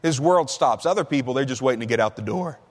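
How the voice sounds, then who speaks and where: A man preaching a sermon in a conversational way, slowing down and stretching the key words for emphasis. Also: medium pitch, lively intonation. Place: large church hall. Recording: long hall reverb.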